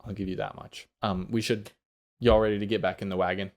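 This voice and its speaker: A man voicing a brisk, practical woman who guides a caravan, talking in a dry, matter-of-fact way. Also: on the low side, little pitch movement, natural voice.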